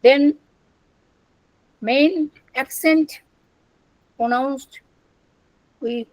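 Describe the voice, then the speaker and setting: Slow, deliberate older woman lecturer. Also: high voice, no echo, rough recording. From India. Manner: slow, deliberate, repeats words while explaining. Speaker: lecturer on Sanskrit and Prakrit. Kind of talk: academic lecture.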